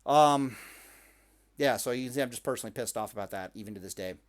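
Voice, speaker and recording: A man's voice: medium pitch, quick pace. A man ranting about game strategy as a video commentator, swearing freely and stumbling over repeated words as he talks. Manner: ranting, profane, repeats words and restarts often. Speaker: gaming commentator. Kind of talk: opinionated gaming commentary.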